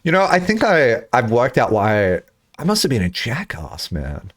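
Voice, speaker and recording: Animated, self-mocking young male streamer. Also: normal speed. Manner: rambling and self-mocking, with sudden high squeals when acting out his own lines. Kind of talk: casual stream chat.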